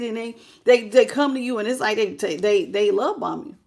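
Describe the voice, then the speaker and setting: A woman's voice: a little high, normal speed, few pauses. A woman giving a casual tarot reading, talking bluntly and colloquially and chatting with her viewers. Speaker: tarot reader.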